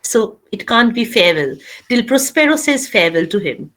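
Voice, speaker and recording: Middle-aged Indian English woman, literature teacher, high voice, animated and emphatic. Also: normal speed. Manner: animated, emphatic, repeats key phrases for note-taking. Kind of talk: online literature lecture.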